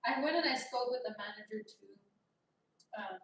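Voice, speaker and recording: This is a young woman vlogging in a casual storytime way, loud by nature and quick to laugh as she plays out the voices in her story. Her voice sits high and lively. It rings with heavy room echo and sounds set back from the microphone. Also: recorded from a distance, slight background noise. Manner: animated, laughs often, acts out dialogue loudly. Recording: echoey room, voice from off-mic.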